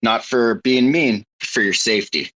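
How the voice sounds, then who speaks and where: A man chatting on a live audio space in a dry, joking, deadpan way. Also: medium pitch, normal speed, low-quality recording. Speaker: guest.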